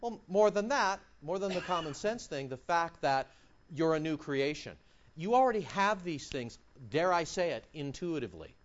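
A male pastor preaches with animated, emphatic delivery and mocking rhetorical questions. His voice sits high and swings widely in pitch. The recording sounds dull and lo-fi. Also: moderate pace. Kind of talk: sermon.

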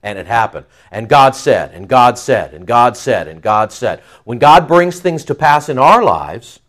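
A man's voice: mid-range voice, very animated, unhurried, a bit bright. A middle-aged man preaching a conversational, emphatic sermon with frequent asides to the congregation. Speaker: pastor.

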